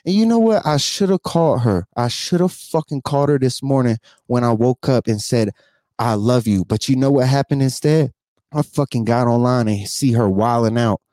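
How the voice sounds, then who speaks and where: A mellow, medium-pitched male vlogger in his thirties rants to camera at normal speed, emotional and unscripted. Swearing, repeating, sighing and tearing up, he keeps asking if you know what he means, captured in studio quality with no room sound.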